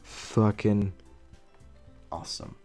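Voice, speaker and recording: A man's voice: fairly low pitch, flat delivery, slow, dark tone, faint music behind. A young man giving rambling, casual commentary on a game he is playing, swearing freely and laughing at his own jokes. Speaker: let's play gamer.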